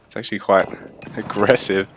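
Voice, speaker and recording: A young man giving casual, chatty game commentary, thinking aloud in a fairly even delivery. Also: on the low side, moderate pace, a little hiss or hum. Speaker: esports caster.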